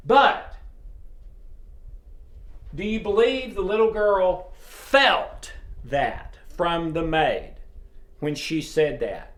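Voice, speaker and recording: Slow, earnest man preaching in an echoey room. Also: sits high, fairly bright tone. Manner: earnest and emphatic, with frequent pauses and fillers. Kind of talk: informal sermon. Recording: roomy echo.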